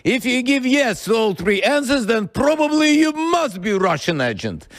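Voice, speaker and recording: Host: high, swooping male voice, sarcastic and animated. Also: moderate pace, no room sound. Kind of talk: interview.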